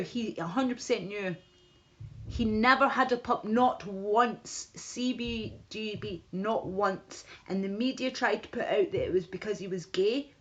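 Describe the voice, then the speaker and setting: Woman livestreaming, lo-fi audio. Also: medium pitch. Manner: rambling, frequent restarts and asides to chat. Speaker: livestream host. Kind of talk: casual livestream chat with viewers. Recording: dull lo-fi stream audio.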